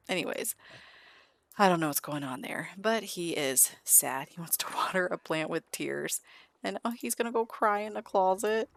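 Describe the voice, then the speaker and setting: A woman with a fairly low, gravelly voice narrates a life-sim game at a moderate pace in a casual let's-play. She's chatty, making amused asides to the characters on screen.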